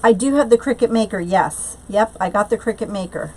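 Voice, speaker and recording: A woman's voice: mid-range voice, a little fast, a little mellow, rough recording. A woman hosting a live-streamed craft tutorial from home, chatting loosely, answering viewers' comments aloud and often trailing off into fillers and restarts. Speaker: craft channel host.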